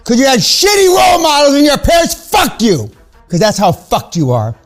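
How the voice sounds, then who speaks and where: Gravelly, crude older man ranting. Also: extremely high pitch, wildly swooping pitch, normal speed, shouting, faint music behind. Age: 70s. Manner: crude, confrontational, mocking. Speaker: business speaker. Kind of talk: blunt profane motivational rant.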